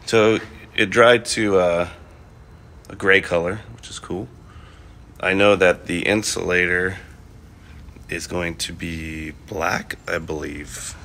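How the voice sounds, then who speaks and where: Man, deep voice, easygoing DIY car vlogger in his garage, chatty and rambling, faint hum behind. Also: vocal fry, sharp tone. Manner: rambling, plain-spoken, lots of fillers and restarts. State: coughing, clearing his throat. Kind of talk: casual talk to camera.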